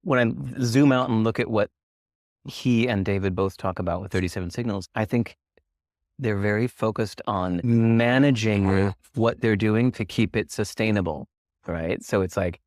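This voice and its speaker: Male guest with a lowish voice, measured and frank, dry close sound. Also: darkish tone, no echo. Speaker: podcast guest. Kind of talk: reflective conversation.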